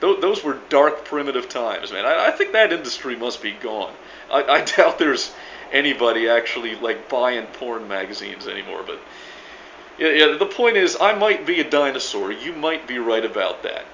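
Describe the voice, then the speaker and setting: A man's voice: mid-range voice, very animated, moderate pace, a bit bright. Rambling, emphatic man on lo-fi audio. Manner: rambling, emphatic, many restarts and stammers, mocking paraphrase, swears often. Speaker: video blogger replying to another creator. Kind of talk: casual spoken video reply. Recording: dull lo-fi sound with faint background noise.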